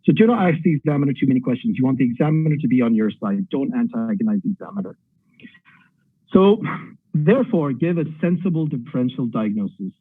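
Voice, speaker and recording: A man's voice: mid-range voice, lively intonation, fast, husky, no room sound, narrow, tinny audio. A middle-aged man from Pakistan, a radiology tutor giving direct exam advice in an online lecture, thinking aloud with fillers.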